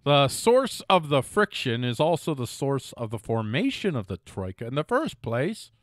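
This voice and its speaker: A man's voice: mid-range voice, very animated, normal speed, no room sound, studio quality. Jokey middle-aged man commenting on news. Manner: jokey, sarcastic asides, self-mocking, stumbles and restarts.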